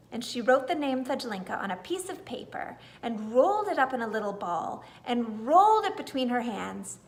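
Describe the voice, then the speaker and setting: Lady reading a kids bedtime story, gentle and expressive, fairly high voice. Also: moderate pace. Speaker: storybook reader.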